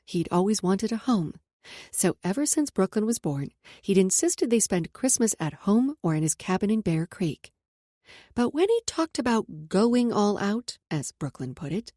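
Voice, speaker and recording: A woman's voice: mid-range voice, dark tone, dry recording. A woman narrating a romance audiobook in an intimate first-person voice that drops to a whisper in close passages.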